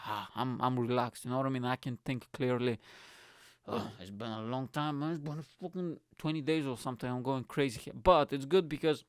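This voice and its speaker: A smooth, mid-range male voice, captured dry and at studio quality. He's a comedy podcast host delivering a loose, swearing-heavy rant as a monologue, animated throughout, and he tends to close sentences by addressing the listener as "mate" or "bro."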